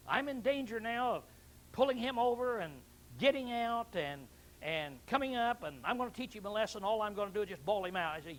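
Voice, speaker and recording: A male pastor preaching a sermon, animated, acting out angry outbursts and often clearing his throat. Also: high voice, a little fast, low-quality recording.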